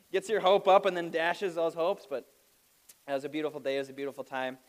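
A man's voice: a little high, a little fast. A man preaching a sermon, opening with a funny personal story and laughing at himself as he goes. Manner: animated storytelling with self-deprecating laughs. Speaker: pastor.

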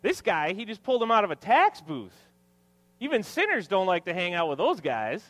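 Male pastor in his 30s, sermon with self-deprecating humor, lively pitch, slightly high voice. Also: moderate pace, no room sound. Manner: joking, self-deprecating asides to the congregation. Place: church hall with congregation.

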